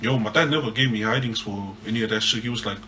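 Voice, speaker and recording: A man's voice: lowish voice, fast, slight background noise. A young man, casually telling a story on a podcast, swearing often and ending phrases with "eh". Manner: swears a lot, animated, ends phrases with "eh". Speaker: podcast co-host.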